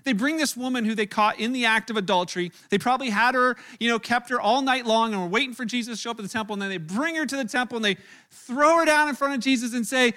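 High, bright-voiced male pastor preaching. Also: fast talker. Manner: animated storytelling, acting out quoted voices. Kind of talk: sermon. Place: church room.

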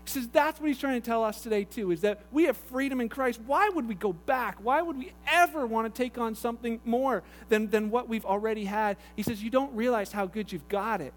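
High-voiced man preaching in an echoey hall. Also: a little fast, few pauses. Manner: chatty storytelling with asides. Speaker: pastor. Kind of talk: sermon. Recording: echoey hall with long reverb.

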